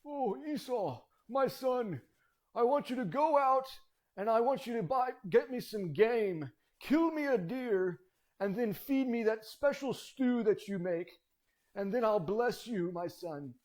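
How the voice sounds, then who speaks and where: A man voicing a frail old blind father on his deathbed, in a quavering, drawn-out old voice. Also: very high-pitched, expressive, darkish tone, voice pushed up. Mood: pleading. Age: older.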